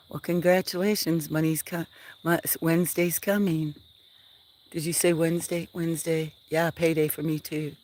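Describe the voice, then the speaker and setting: A woman's voice: low-pitched, flat delivery, moderate pace. Chatty woman livestreaming from a farm at night. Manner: chatty, scattered, talks softly to animals. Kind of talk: casual livestream chat with viewers and animals. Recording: outdoor noise with chirping crickets. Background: crickets and insects.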